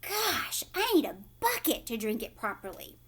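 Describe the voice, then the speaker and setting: A woman's voice: a little high, very animated, normal speed, breathy edge, exaggerated voice. A woman voicing a greedy young boy in a children's story read-aloud. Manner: whiny, yelling for help.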